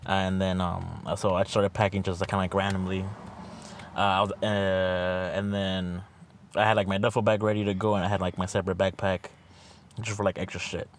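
A young man tells a story fast in a loose, rambling way, piling up fillers and curse words. His voice sits a bit low. A faint hiss of noise runs under the recording. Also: little pitch movement. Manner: rambling, heavy swearing, lots of fillers. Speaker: podcast co-host. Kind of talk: casual storytelling chat.

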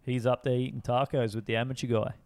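A man's voice: medium pitch, level tone, quick pace, a little mellow. A man co-hosting a casual podcast chat, running through odd news stories with swearing and frequent laughs. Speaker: podcast co-host.

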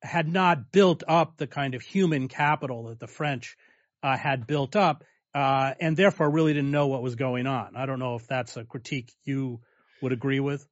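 Man interviewing, measured and a bit halting, muffled dry audio. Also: medium pitch, dry recording. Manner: measured, hesitant with fillers. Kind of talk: interview question.

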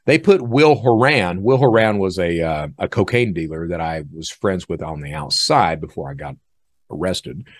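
A man hosting a podcast, telling a story in a casual, animated way and acting out other people's lines. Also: sits low, normal speed, dry recording. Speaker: podcast host.

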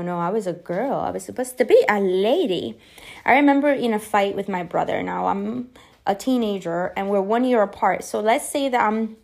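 A woman in her forties telling personal stories as a podcast host, candid and animated, swearing freely. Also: medium pitch, creaky. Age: 40s. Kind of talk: personal storytelling monologue.

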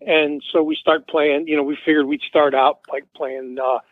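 Older male caller on a dry, tinny phone line, slightly high voice, storytelling with lots of fillers. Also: level tone, moderate pace, no echo. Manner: loose storyteller, many fillers and restarts. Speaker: guest. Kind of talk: rambling anecdote on a radio call-in. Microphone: phone call.

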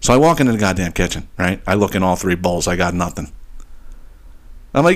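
Male podcast host with a lowish voice; foul-mouthed, animated storytelling rant. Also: normal speed. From Pennsylvania, United States. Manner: swears constantly, animated rants with frequent fillers. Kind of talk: profane comedic storytelling monologue.

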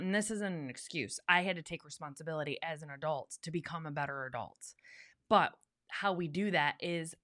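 Woman co-host, a bit low in pitch, earnest and candid in casual chat. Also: fairly bright tone. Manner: earnest, candid, repeats words for emphasis. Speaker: podcast co-host.

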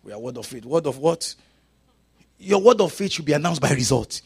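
Gravelly man preaching with dramatic swings. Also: a little high, animated, brisk. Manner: dramatic swings from shouting to quiet whispers. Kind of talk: sermon. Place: church service.

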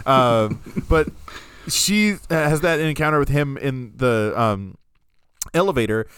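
A man co-hosting a podcast, recapping a film in an animated, storytelling way. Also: mid-range voice, slow pace, background noise. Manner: animated storytelling, acting out scenes. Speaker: podcast co-host. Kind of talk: casual film recap chat.

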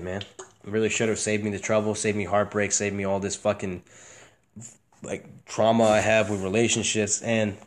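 A young man hosting a casual podcast, talking candidly and profanely, swinging between a flat monotone and excited bursts. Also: fairly low pitch. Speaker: podcast host.

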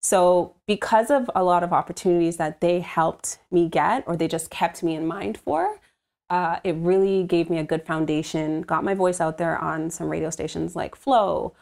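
A woman's voice: fairly low pitch, normal speed, vocal fry, darkish tone. A woman voice-over artist, recording from home, chatting animatedly about her work with frequent laughs and fillers. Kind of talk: casual interview chat.

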